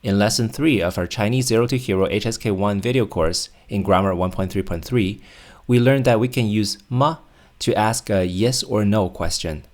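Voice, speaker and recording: A man teaching a video language lesson, explaining patiently and clearly, with example phrases. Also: lowish voice, normal speed.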